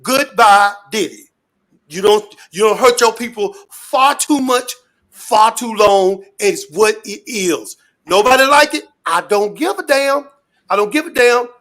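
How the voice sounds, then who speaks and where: A man's voice: sits high, animated, measured pace. A man from Alabama with a Southern accent, ranting and telling rambling, profane stories as a guest on a talk stream. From Birmingham, Alabama. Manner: loud, cussing, rambling storyteller. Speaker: guest commentator.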